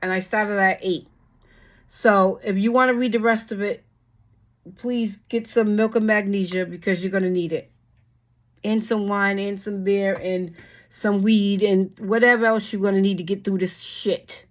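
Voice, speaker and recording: A woman's voice: medium pitch, steady tone, unhurried. A woman hosting her channel, reading a bill aloud and cursing at it in exasperated commentary, with frequent sighs and restarts. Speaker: channel host.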